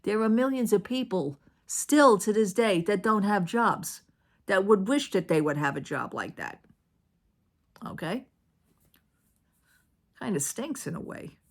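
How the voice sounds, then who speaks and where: A woman's voice: mid-range voice, lively intonation, a little slow, pauses often. A woman telling a story in a casual home vlog, indignant and retelling it with lots of "I says". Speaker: vlogger. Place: at home, living room.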